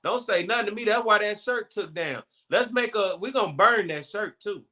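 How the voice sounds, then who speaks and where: A man's voice: high voice, lively intonation, normal speed, pushed and bright. A man co-hosting a sports call-in show, boastfully trash-talking a rival team in profane banter. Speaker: co-host.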